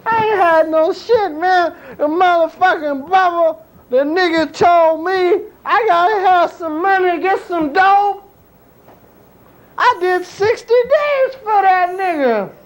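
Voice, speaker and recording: In a stand-up bit, a man voices a desperate, strung-out male junkie, whining, breaking into sobs and shouts, and drawling his profanity. The voice is very high and slow, on a low-quality recording.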